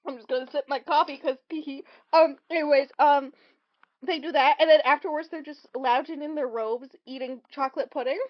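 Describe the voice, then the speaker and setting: High-voiced woman rambling through a film recap. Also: steady tone, normal speed. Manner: rambling, lots of ums, acts out quotes in bursts. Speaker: podcast co-host. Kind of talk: casual chat recapping a film. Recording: dull lo-fi recording.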